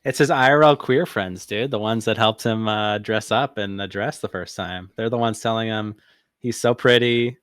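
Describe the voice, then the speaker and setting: A man's voice: on the low side, normal speed, fairly bright tone, clean tone, no room sound. A man co-hosting a casual stream, chiming in with dry, matter-of-fact remarks. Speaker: co-host.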